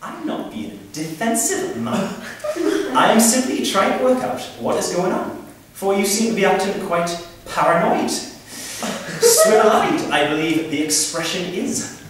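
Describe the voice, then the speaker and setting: A man with a Geordie accent voicing a Geordie lad who argues with very slow, over-precise mock gravitas. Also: high voice, lively intonation, voice pushed up. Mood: mock-dignified. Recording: echoey room, distant mic, noisy.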